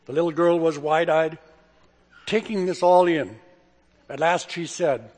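An older male pastor delivers a sermon with a relaxed, folksy, joke-telling manner. His voice sits a bit high for a man. It rings out with a long hall reverb, like a church sanctuary. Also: normal speed. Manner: folksy, chuckling storyteller. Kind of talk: sermon with humorous stories.

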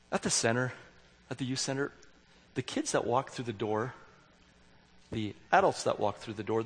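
A man's voice: mid-range voice, creaky, breathy edge. A man giving a candid, self-deprecating sermon as a youth worker, acting out his own dialogue. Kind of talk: sermon with storytelling. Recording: long hall reverb.

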